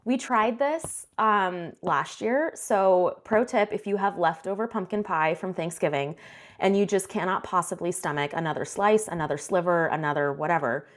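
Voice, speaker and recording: A woman's voice: fairly low pitch, normal speed. A woman in her thirties co-hosting a book podcast, chatting casually with many ums and likes. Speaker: podcast co-host.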